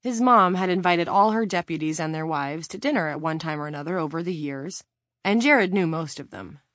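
A woman with a somewhat low voice narrates a novel in a steady, measured way. The recording is dry, with no room sound. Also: no echo. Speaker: audiobook narrator. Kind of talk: scripted narration.

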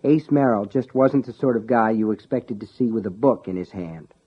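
A man narrates a story in a steady, even storytelling voice. The audio is narrow and tinny, like a phone line. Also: lowish voice, moderate pace, husky. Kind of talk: scripted narration.

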